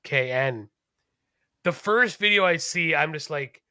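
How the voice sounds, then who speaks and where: A man co-hosting a podcast in casual chat, rambling, animated and profane. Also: a little high, a little slow, smooth, no echo, clean studio sound. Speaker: podcast co-host.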